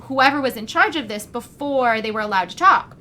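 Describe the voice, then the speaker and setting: Young woman cohost, high bright voice, all wound up and rambly on a stream. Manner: animated, rapid storytelling with many fillers. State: over-caffeinated and restless. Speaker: co-host. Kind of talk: casual livestream chat.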